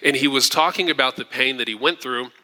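A man preaching a sermon as pastor, earnest and animated, acting out the quotes he tells. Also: medium pitch, brisk. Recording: long hall reverb.

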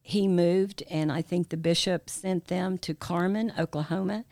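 Low gravelly older woman storyteller. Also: steady tone, unhurried, darkish tone, dry recording. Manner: rambling, with many fillers and restarts. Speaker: mother of the hosts, guest storyteller. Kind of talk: storytelling in casual family chat.

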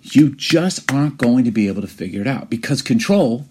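A man's voice: mid-range voice, lively intonation, brisk, a little mellow, slight background noise. A man in his forties co-hosting a podcast, telling stories in an earnest, reflective way. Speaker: podcast co-host. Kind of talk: casual chat.

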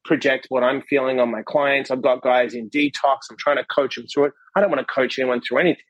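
A man guest on a podcast telling a personal story in casual conversation, animated and acting out what people said, often tagging his lines with a question. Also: medium pitch, fast, dry recording, lo-fi sound. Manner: animated, acts out quotes, frequent "right?" tags. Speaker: podcast guest, author and coach.

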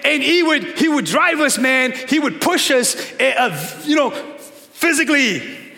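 A male pastor preaching a sermon with emphatic swings from shouting to low, quiet stretches. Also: animated, a little slow. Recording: long reverb of a large hall.

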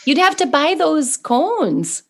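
A woman co-hosting a podcast in casual chat, reacting with playful, quick quips. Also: sits high, big pitch swings. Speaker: podcast co-host.

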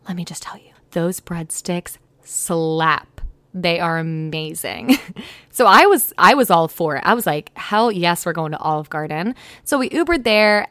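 A woman's voice: lowish voice, no echo. A young American woman hosting her podcast, telling a story in a chatty, giggly way with playful asides. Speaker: podcast host. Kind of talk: casual storytelling monologue.

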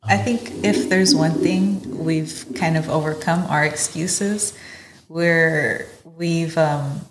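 Lower-pitched woman telling a story. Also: takes it slowly, noisy background. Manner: animated when telling a story, laughs, fillers. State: tired, late at night. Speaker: podcast co-host. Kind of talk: casual chat, storytelling.

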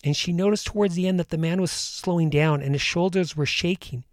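A man hosting, earnestly retelling a story and guiding a calm breathing meditation. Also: high-pitched, brisk, no room sound, clean studio sound.

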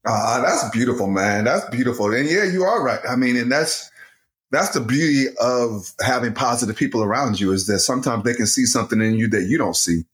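Animated laughing dad on a podcast. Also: male voice, medium pitch, fairly quick. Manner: animated storytelling, laughs often, addresses listeners as y'all. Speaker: podcast co-host, father. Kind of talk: casual family podcast chat.

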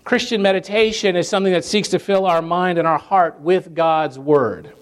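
A male pastor delivering a sermon in church, with a voice pitched a little above the usual for a man. He speaks earnestly and builds his points through emphatic lists and repetition. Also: normal speed.

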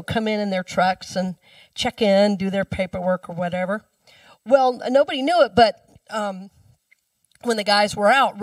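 A woman minister giving a sermon in a chatty storytelling way, dropping her voice low when she repeats the mantra. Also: no room sound, recorded from a distance. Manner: conversational storytelling, speaks the mantra softly.

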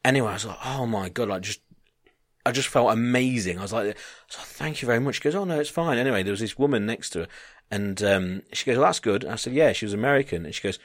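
A man's voice: fairly low pitch, quick pace, dry recording, studio quality. A man telling a long, sweary anecdote in casual chat, doing voices of the people in it. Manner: animated anecdote-teller, swearing, mimicking others.

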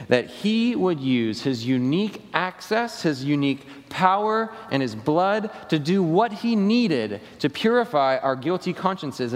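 Preaching pastor, lively, in a reverberant hall. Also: male voice, medium pitch. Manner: preaching with falling endings and slowed emphatic phrases. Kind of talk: sermon. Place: church sanctuary. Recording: long reverb of a church hall.

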